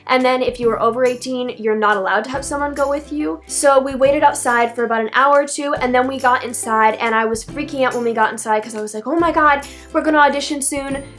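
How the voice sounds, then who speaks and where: A teenage girl speaks in a fairly high voice, casual and rambling, correcting herself as she goes. Faint music plays softly behind her advice vlog. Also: steady tone, fast, few pauses. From Philadelphia area, USA. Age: teens. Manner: chatty, rambling, frequent "like" and self-corrections. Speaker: vlogger.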